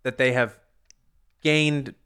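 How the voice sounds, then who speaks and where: A man's voice: mid-range voice, fairly even intonation, slow, a bit bright, clean tone. A man co-hosting a casual podcast chat, explaining topics at length, laughing easily and swearing casually. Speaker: podcast co-host.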